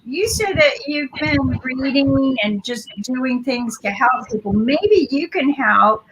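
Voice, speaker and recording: A woman's voice: high voice, expressive, slow pace, slight background noise, rough recording. A woman co-hosting an online panel, upbeat and reflective, often checking in with "right?". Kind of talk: casual panel chat. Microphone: video call.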